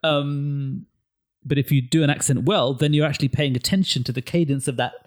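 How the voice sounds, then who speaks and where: A man co-hosting a casual film chat, opinionated and animated, often restarting his words. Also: a little high, brisk.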